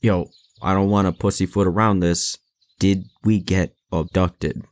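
A man with a low voice, taking part in a tabletop role-play. He talks in a relaxed, slangy way, and the sound is dry and close. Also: a little slow, dry recording. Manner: laid-back, slangy. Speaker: player.

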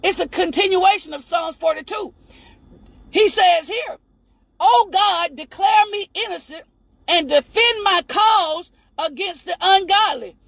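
A woman preacher with a very high voice and a gravelly edge, delivering a fervent sermon. She shouts her points and cries out to God between lines. The sound is dry and close. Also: a little slow, no echo, low-quality recording.

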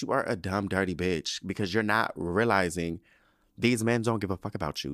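A man's voice: fairly low pitch, fairly bright tone, no room sound, clean studio sound. A man hosting a podcast, recapping a show in casual, sassy, profane chat full of slang while sipping a drink. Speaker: podcast host.

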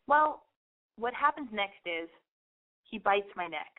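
A woman's voice: mid-range voice, a little slow, pauses often. A woman hosting a radio show, telling stories in a casual, rambling monologue full of swearing. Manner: profane, rambling and animated storytelling. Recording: tinny phone-like radio sound.

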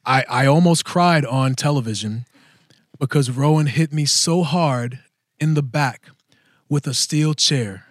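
A middle-aged man, a professional wrestler, telling a story casually and acting out other people in lively voices. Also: dry recording, studio quality. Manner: animated, jumps into high silly voices to act out crowds.

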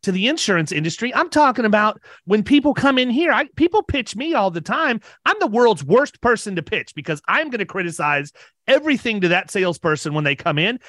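Energetic, higher-voiced man telling stories. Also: fairly quick, dry recording. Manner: energetic, repeats words, laughs often. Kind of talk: casual podcast storytelling.

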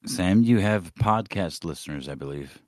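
A man co-hosting a livestream, trash-talking with profane, mock-angry threats in drawn-out, emphatic lines. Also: low voice, expressive, no room sound, clean studio sound. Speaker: podcast co-host. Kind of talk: casual banter on a livestream.

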